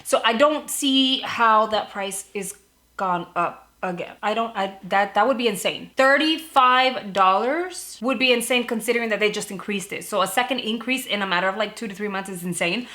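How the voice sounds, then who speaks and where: A young adult woman talking casually to camera about beauty subscription boxes, chatty with quick asides. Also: medium pitch, bright, forceful tone. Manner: chatty, fast asides with frequent "like" and laughs. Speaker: beauty subscription box vlogger.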